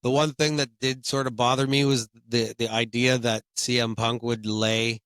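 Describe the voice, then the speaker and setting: A man's voice: medium pitch, level tone, normal speed, a bit bright, smooth, dry recording. Man, podcast co-host, sniffly, hesitant with restarts, casual chat, dry close sound. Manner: hesitant, with frequent ums and self-restarts. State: sniffly from a cold.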